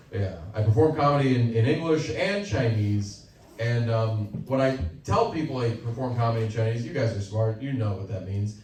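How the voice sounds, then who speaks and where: A young man doing a stand-up comedy set on stage, animated and slipping into quoted voices for his punchlines, with the audience laughing. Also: mid-range voice, a little hiss or hum. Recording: loud audience laughter, echoey club heard from far.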